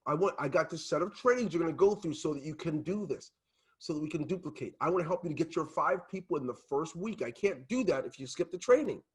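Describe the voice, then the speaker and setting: A man coaching his team on a video call, talking in a passionate, emphatic way that sometimes turns loud. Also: on the high side, lively intonation, quick pace, breathy edge. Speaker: team leader and business coach.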